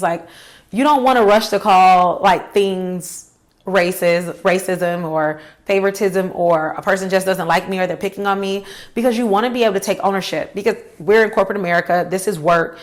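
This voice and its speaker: A woman in her thirties recounts her own work story straight to the camera. Her delivery is candid and emphatic, and she often turns to address her viewers directly. Her voice sits at a middling pitch. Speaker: career vlogger.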